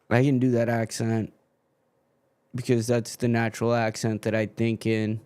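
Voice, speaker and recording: A man's voice: mid-range voice, monotone, normal speed, a little mellow, smooth. A man hosting a live football watchalong stream, swearing and grumbling as his stream keeps freezing.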